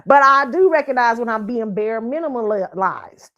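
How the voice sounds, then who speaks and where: A woman's voice: on the high side, lively intonation, moderate pace, fairly bright tone, muffled recording. A woman hosting her own pop-culture commentary stream, talking bluntly with plenty of swearing, frequent laughs and repeated "okay?". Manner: blunt and profane, laughs often, keeps asking "okay?". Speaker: show host. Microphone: streaming setup mic.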